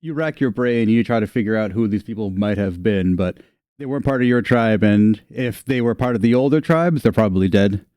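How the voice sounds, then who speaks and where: A man's voice: lowish voice, brisk, darkish tone, clean tone, no echo, studio quality. A man narrating as game master of a tabletop game in a casual way, with joking asides.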